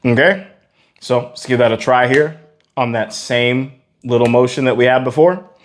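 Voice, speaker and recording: A man teaching a vocal warm-up lesson, explaining exercises energetically and often checking in with "okay?". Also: medium pitch, normal speed. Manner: energetic, demonstrates vocal sounds between explanations. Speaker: vocal coach.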